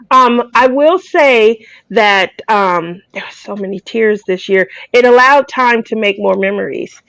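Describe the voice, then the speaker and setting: A woman hosting a crafting channel tells stories in a casual, emotional way, close to tears at times. Her voice sits a bit high, and the recording is dry and close. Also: expressive, slow pace, creaky, fairly bright tone, dry recording, poor audio. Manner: emotional storytelling, tearful. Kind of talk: casual chat.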